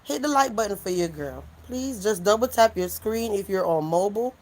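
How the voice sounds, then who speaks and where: A woman's voice: medium pitch, animated, normal speed, darkish tone. Blunt, profane woman livestreamer. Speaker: livestream host. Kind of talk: casual livestream commentary.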